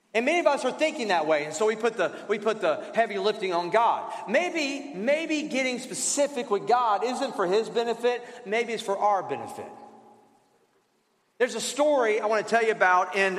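A man's voice: high-pitched, a bit bright. A man preaching a sermon as pastor, in a conversational style with rhetorical questions and repetition. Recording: roomy hall reverb.

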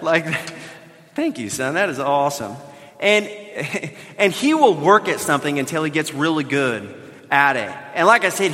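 A man in his thirties, a pastor telling a lively family story in a sermon, now and then raising his voice. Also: fairly high pitch. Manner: animated storytelling with bursts of shouting. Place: church sanctuary. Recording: long reverb of a large hall.

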